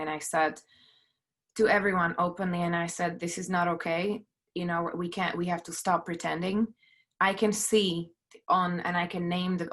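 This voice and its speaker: A middle-aged woman speaks on a video call from her home, her voice set slightly low. She tells her story earnestly and haltingly, full of fillers and restarts. She is emotional, close to tears. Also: a bit bright. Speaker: panelist, film producer. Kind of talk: personal testimony on a panel.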